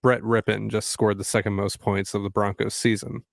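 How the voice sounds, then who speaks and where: Gravelly low-voiced man, joking sports chat. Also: little pitch movement, moderate pace, no echo, studio quality. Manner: playful, joking banter. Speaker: podcast co-host. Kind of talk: casual livestream sports chat.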